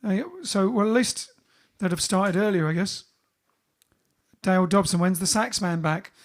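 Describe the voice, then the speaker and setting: High-voiced chatty bandleader. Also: male voice, moderate pace. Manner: chatty, reads out viewers' greetings one by one. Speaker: bandleader and livestream host. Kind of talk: casual livestream chat. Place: home during lockdown.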